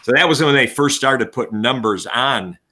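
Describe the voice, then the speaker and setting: A man's voice: mid-range voice, normal speed. A man, a retiring teacher and coach telling stories in a casual podcast chat. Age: 60s. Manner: animated storyteller, acts out voices.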